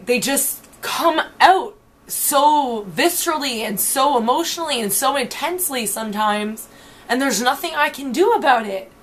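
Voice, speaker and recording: A woman's voice: sits high, fairly bright tone. A woman telling her story in a personal video diary. She talks bluntly and swears often, with a lot of feeling. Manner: blunt, profane, emotionally intense storytelling. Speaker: video diarist.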